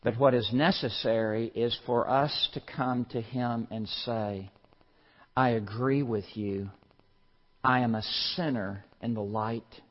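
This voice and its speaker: A male pastor preaching a sermon, swinging from low, hushed passages to loud, forceful exclamations and leaning slowly on single words. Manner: slow, deliberate emphasis on single words. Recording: muffled sermon recording in a large reverberant hall.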